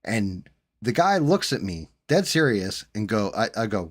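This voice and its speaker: A man's voice: lowish voice, measured pace. Profane man telling a wild story. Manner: profane, animated anecdote telling. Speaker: streamer host. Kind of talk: casual storytelling.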